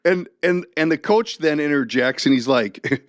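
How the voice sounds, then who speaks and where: Middle-aged male co-host, lively chatty storyteller, laughs a lot, mid pitch, dry room. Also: moderate pace, no room sound. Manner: animated storyteller, laughs often. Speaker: podcast co-host. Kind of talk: casual chat.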